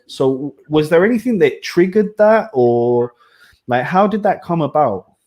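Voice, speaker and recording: A man hosting a podcast, asking questions in a relaxed, casual way. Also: on the high side, unhurried. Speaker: podcast host. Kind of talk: casual interview chat.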